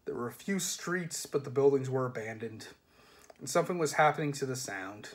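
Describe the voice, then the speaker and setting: A man reading a novel aloud in steady, measured narration. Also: mid-range voice. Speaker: reader. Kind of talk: audiobook-style reading of a novel.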